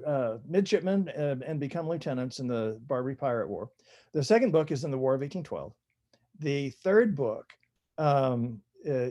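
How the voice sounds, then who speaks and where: An older man speaks as an author guest, his voice dark and mellow. He rambles through anecdotes in a relaxed way, full of small fillers and restarts. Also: medium pitch. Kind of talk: conversational interview storytelling.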